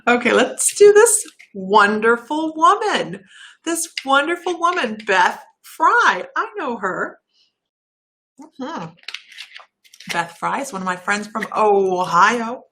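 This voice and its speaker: A woman giving intuitive readings on a live stream, chatty and warm, laughing at herself and drifting off topic. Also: fairly high pitch, sing-song, slow, a little hiss or hum. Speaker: intuitive reader and shaman.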